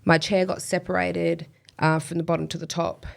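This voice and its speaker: A woman's voice: lowish voice, level tone, moderate pace, vocal fry. A woman guest telling a personal story in a casual interview, chatty with lots of fillers and self-deprecating laughs.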